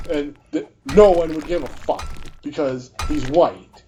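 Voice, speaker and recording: A man's voice: a little high, moderate pace, music in the background. A man giving a combative, profanity-heavy ranting commentary over gameplay, full of mocking rhetorical questions. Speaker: gaming video creator.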